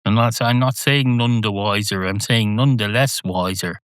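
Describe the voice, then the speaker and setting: A man's voice: fairly low pitch, moderate pace, a bit bright, clear, resonant tone, no echo, close to an everyday voice. A man voicing an indignant, pedantic talking cat that argues at length. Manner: argumentative, long-winded.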